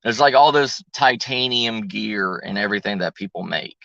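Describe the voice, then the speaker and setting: A man's voice: on the low side, normal speed, vocal fry, bright, forceful tone, no room sound. A middle-aged man rambling in casual livestream chat and reading out viewer names, heard over a lo-fi phone connection. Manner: rambling, reads viewer names, thinking aloud. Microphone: phone on a weak connection. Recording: muffled lo-fi stream audio over bad cell signal.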